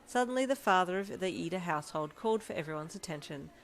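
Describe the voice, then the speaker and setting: A woman with a low, mellow voice reads second-person fanfiction aloud. Her narration is steady and plain, moving through the story at an even pace. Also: fast. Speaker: audiobook narrator.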